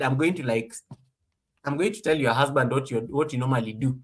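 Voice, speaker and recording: A man's voice: a little high, brisk, sharp tone, faint music behind. A man hosting a live stream in casual chat from an office, teasing and laughing often and making mock threats.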